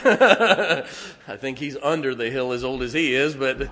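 A middle-aged man preaching a sermon as pastor, folksy and halting, with many fillers. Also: mid-range voice, animated, fairly bright tone, big-room sound. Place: church sanctuary.

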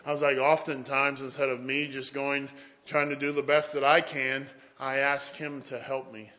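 Bright-voiced preacher man. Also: medium pitch, flat delivery, normal speed. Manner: folksy storytelling, often says "boy". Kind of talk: sermon.

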